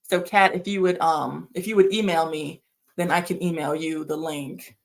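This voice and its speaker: Young female stream host, casual rambling, somewhat breathless, slightly low voice. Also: steady tone, moderate pace, creaky. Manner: rambling, chatty, laughs often. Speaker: livestream host. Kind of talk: casual chat reading viewer comments.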